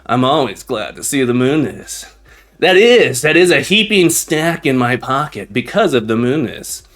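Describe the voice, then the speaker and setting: A man hosting a casual live stream, upbeat and chatty, greeting viewers warmly and repeating his phrases. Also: medium pitch, very animated, unhurried. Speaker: live-stream host and teacher. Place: room at home, indoors.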